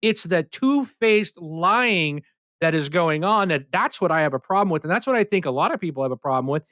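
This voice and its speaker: A man's voice: on the high side, animated, fairly quick, fairly bright tone, no echo, studio quality. A man co-hosting a gaming podcast, ranting in a heated, indignant way during a casual chat. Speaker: podcast co-host.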